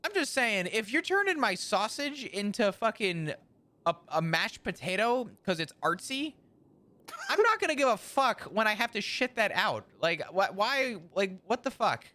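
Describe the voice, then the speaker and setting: A man streaming a roleplay game, chatting in character in an animated way, swearing and explaining at length. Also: sits high, normal speed. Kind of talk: casual in-character roleplay chat.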